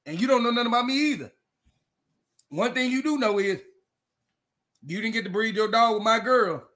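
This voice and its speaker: A man's voice: very high-pitched, normal speed, a bit bright. A man who breeds dogs, ranting to camera in a confrontational way, repeating and restarting his words. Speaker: dog breeder. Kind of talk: heated rant to camera.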